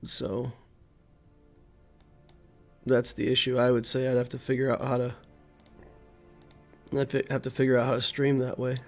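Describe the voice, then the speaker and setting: A man's voice: medium pitch, completely flat delivery, moderate pace, long pauses, faint music behind. A man streaming a video game, commenting live and thinking aloud as he plays, often muttering to himself.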